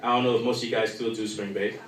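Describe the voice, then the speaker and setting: A man's voice: lowish voice, flat delivery, fast talker, a bit bright. A young man doing a crude, rambling stand-up set full of fillers at a live comedy show in a bar. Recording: echoey room from far off.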